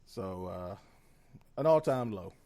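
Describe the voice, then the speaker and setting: A man co-hosting a podcast, speaking in a measured, earnest way with frequent "um"s. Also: low voice, animated, mellow. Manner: measured, earnest, filler-heavy. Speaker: podcast co-host. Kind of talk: casual podcast discussion.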